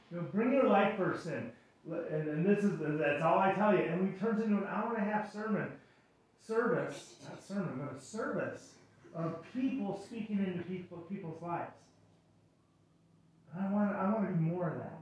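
A man's voice: sits high, a little hiss or hum. A male pastor giving a conversational sermon, telling stories with playful acted-out voices and self-deprecating humor. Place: church sanctuary. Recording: echoey room, voice far from the mic.

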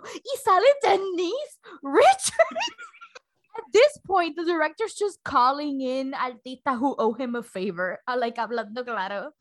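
Woman, very high voice, casual movie chat, animated, swears, mixes Spanish and English. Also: a little slow. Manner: animated, profane, switching between English and Spanish.

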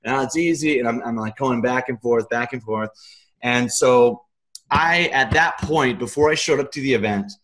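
A man as an interview guest, telling a casual, animated story in loose, colloquial speech with some swearing. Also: mid-range voice, moderate pace. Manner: animated, acts out his own quoted thoughts.

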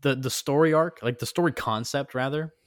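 A man co-hosting a casual fan podcast, easygoing and chatty, quick to agree. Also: medium pitch, no room sound, clean studio sound. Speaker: podcast co-host.

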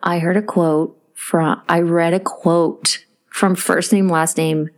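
A woman's voice: fairly low pitch, slow. A woman co-hosting a casual podcast, talking about her child. She tells her stories with energy and acts out the lines of the people in them. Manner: animated storyteller, acts out quotes. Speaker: podcast co-host. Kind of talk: casual chat.

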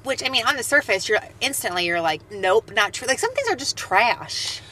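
A woman's voice: fairly high pitch, lively intonation, moderate pace, bright, forceful tone, poor audio. A woman co-hosting a podcast, chatting casually and rambling through a story. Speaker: podcast co-host. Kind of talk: casual chat.

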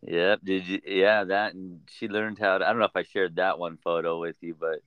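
A man co-hosting a podcast, chatting in a relaxed, rambling way with lots of fillers. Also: low-pitched, moderate pace, clear, resonant tone, dry recording, highs cut off. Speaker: podcast co-host. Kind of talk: casual chat.

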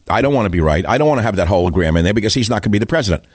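A man in his seventies delivering an opinionated, rambling radio monologue with a sardonic edge. His voice sits on the lower side, recorded close and dry on a studio microphone. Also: animated, very fast, few pauses, breathy edge, no echo. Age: 70s. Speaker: talk radio host.

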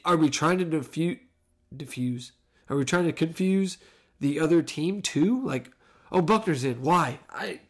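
Man, thirties, slightly high voice, casual solo sports talk, rambling, animated, self-correcting.

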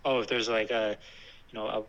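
A man casually talking about hiking with his dog, thoughtful and relaxed, with many fillers and restarts. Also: lowish voice, fairly quick, muffled recording. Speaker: hiker discussing a trip with his dog. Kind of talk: casual chat.

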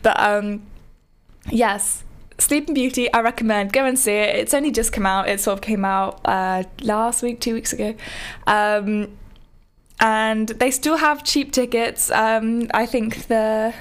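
A woman's voice: fairly high pitch, steady tone, unhurried. A young woman who hosts a podcast and gives a casual spoken theatre review, chatty and rambling with lots of ums and restarts. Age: young adult.

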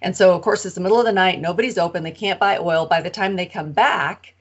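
Woman, lower voice, lively parable retelling, slightly dull sound. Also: quick pace, slightly rough. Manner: animated retelling with acted-out quotes. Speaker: co-host of a Bible study podcast. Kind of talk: casual storytelling of a parable.

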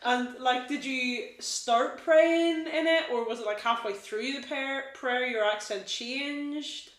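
A woman's voice: sits high, slow. A woman hosting a casual radio show, upbeat and giggly as she interviews a caller. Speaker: host. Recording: roomy studio echo.

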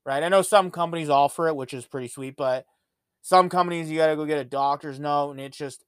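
A man's voice: a little high, steady tone, fast, smooth, no room sound, clean studio sound. A man hosting a podcast, rambling through casual, profane stories in a laid-back way. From Ontario, Canada. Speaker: podcast host. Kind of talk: casual monologue.

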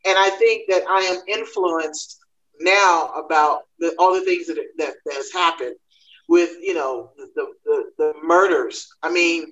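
A woman comedian talking through a panel discussion, telling her story in quick animated bursts. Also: fairly low pitch, dull audio.

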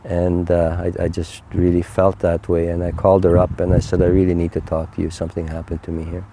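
A man's voice: low-pitched, completely flat delivery, very noisy. An older man, telling his own faith testimony in an earnest, heartfelt way. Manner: earnest, heartfelt, unhurried storytelling. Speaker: interview guest.

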